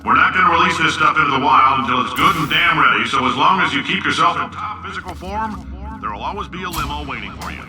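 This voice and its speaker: A man's voice: fairly high pitch, animated, quick pace, hardly any pauses, roomy sound, distant mic, background noise, lightly acted. An actor playing a brash, boastful company chief who talks in a blustering, salesman-like, sardonic way in a video game. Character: brash boastful male company CEO, middle-aged.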